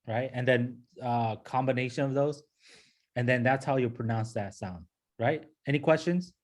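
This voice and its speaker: A man's voice: medium pitch, normal speed, a little mellow. A man teaching a pronunciation lesson to a class. He patiently repeats sounds and keeps checking in with "okay?" and "right?". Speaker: language teacher.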